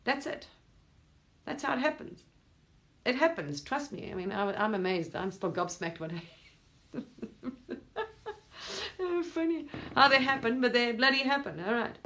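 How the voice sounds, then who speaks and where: A woman's voice: mid-range voice, fairly bright tone. Rambling emphatic English woman vlogger. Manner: rambling, emphatic, with casual swearing. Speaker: spiritual vlogger. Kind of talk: casual spoken monologue to viewers.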